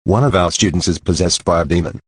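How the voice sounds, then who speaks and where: Brief: computer man as a stern cartoon principal, low and husky, dry sound. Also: quick pace, dry recording. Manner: stern, scolding. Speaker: school principal. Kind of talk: text-to-speech cartoon dialogue.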